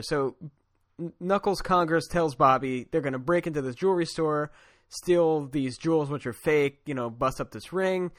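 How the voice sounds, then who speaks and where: Male podcast co-host, somewhat high-pitched, relaxed storyteller who chuckles as he retells the plot. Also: normal speed, no room sound, clean studio sound. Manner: chatty, laughs often, acts out quotes loosely. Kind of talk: casual chat recapping a comic story.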